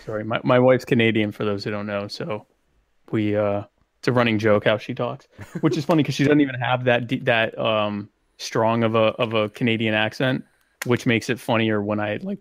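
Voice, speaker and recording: A man's voice: fairly low pitch, fairly even intonation, a little fast, no room sound. A man co-hosting a podcast in casual chat, joking and self-deprecating. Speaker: podcast co-host.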